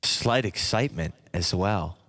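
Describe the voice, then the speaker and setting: Male narrator, low voice, slow hypnotic parody delivery, long echo tail. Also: lively intonation. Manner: slow, soft, second-person hypnotic narration. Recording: long hall reverb.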